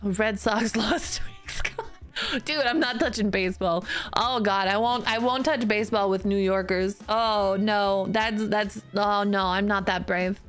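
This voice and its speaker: A chatty woman streamer talks easily at a middle pitch, giggling often and poking fun at herself. Her sentences restart and tumble on. Quiet music plays behind her. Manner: chatty, giggly, self-deprecating, quick restarts. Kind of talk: casual chat with stream chat.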